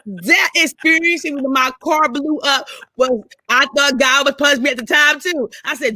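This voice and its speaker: A woman's voice: high voice, normal speed, pushed and bright. A middle-aged woman co-hosting a casual story chat, speaking candidly, swearing freely and acting out her own past. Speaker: co-host.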